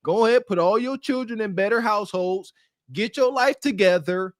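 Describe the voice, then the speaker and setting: A man's voice: high voice, moderate pace, no echo, clean studio sound. A man co-hosting a podcast in casual commentary, lecturing and scolding with sighs and laughs. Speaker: podcast co-host.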